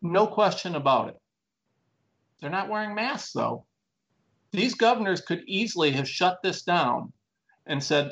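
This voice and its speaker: A man's voice: expressive, unhurried, vocal fry, pauses often, fairly bright tone, dull audio. A man speaking earnestly and emphatically in a conversational interview, pressing his points with repeated questions. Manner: earnest, emphatic, building to raised pitch. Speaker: plaintiff in a lawsuit.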